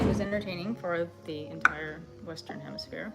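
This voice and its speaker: A woman's voice: low-pitched, wildly swooping pitch, brisk, music in the background. A woman from the Boston area co-hosting a home cooking show, teasing her partner in a dry, wry way while she juices citrus. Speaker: co-host. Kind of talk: casual cooking banter.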